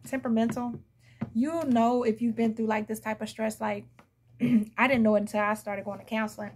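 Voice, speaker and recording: A woman's voice: fairly high pitch, steady tone, normal speed, a little mellow, slight background noise. A woman giving a casual, blunt tarot reading, chatting to viewers and laughing often. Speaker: tarot reader.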